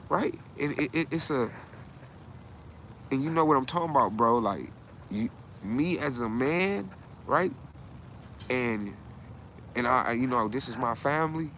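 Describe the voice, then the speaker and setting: A man's voice: medium pitch, normal speed, pauses often, a bit bright, a little hiss or hum. A man talking to his live stream viewers in a rambling, profane monologue, often tagging "right?" onto what he says. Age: adult.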